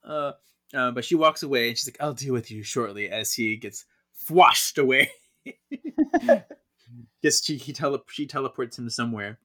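A man's voice: medium pitch, normal speed, pauses often, sharp tone. Giggly man recapping a comic. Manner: giggly, laughs often while narrating. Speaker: podcast co-host. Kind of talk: casual chat, recapping a comic.

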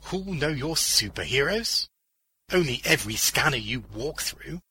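A man's voice: mid-range voice, very animated, moderate pace, sharp tone, slightly rough, dry recording, pitched above the performer's own voice, full character voice. A man voicing a cynical old man who explains things in a matter-of-fact, knowing way.

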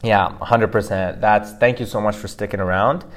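A man's voice: lowish voice, steady tone, moderate pace. A man co-hosting a language-learning podcast, chatty, restarting phrases and using many fillers. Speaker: podcast co-host. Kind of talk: casual language lesson podcast.

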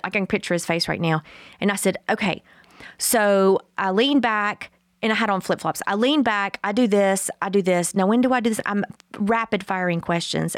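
A woman with a mid-range voice co-hosts a podcast, telling a story in casual chat. An animated storyteller, she acts out the quotes and laughs often, recorded in clean studio sound with no echo.

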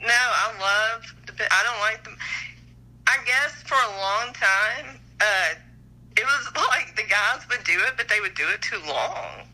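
A woman's voice: mid-range voice, measured pace, bright, forceful tone, poor audio. A middle-aged woman calling in, chatting frankly and giggling about her dating life. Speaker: caller. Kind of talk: casual chat.

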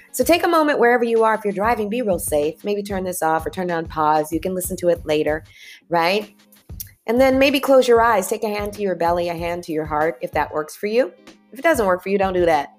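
A woman with a lowish voice hosts a relaxed motivational talk, chatty and upbeat and calling her listeners y'all. She guides slow breaths between stories. Faint music sits under her voice. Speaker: podcast host.

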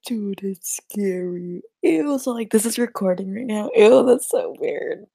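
A woman's voice: on the high side, expressive, normal speed, vocal fry, dark tone, no room sound, clean studio sound. A young woman hosting a casual podcast chat, giggly, exclamatory and swearing freely. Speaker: podcast host.

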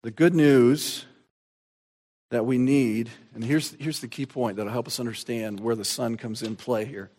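A man preaching a sermon, reading scripture aloud with emphasis and swinging from soft, slow passages to loud, shouted proclamation. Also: mid-range voice, steady tone.

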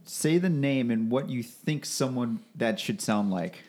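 A man's voice: mid-range voice, a little slow, darkish tone. A man co-hosting a podcast, teasing the others in playful casual chat.

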